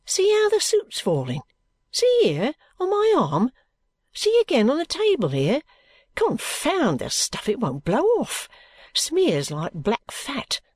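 A woman reading aloud and voicing an anxious young male law clerk who talks in a nervy, hushed, conspiratorial way. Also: high voice, huge pitch swings, unhurried, no room sound, pitched above the performer's own voice, exaggerated voice. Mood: alarmed.

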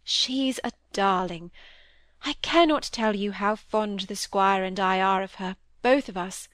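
A woman reading aloud, voicing a kindly, genteel lady of the manor with a gentle, coaxing manner. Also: mid-range voice, a little slow, dry recording, natural voice. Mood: fond.

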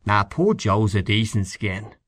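A man's voice: fairly low pitch, lively intonation, unhurried, no echo, clean studio sound. A man voicing a mild, doubtful canvasser in an audiobook reading, speaking hesitantly. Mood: weary. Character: weary, doubtful middle-aged canvasser. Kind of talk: audiobook character voice.

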